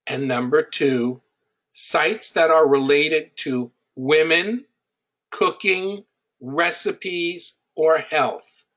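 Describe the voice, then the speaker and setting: A middle-aged man with a fairly high voice gives a teaching talk about online business. He tells his points through personal stories at an unhurried, measured pace. He leans hard on the lines that matter. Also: fairly bright tone. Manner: conversational, anecdotal, emphatic on key points.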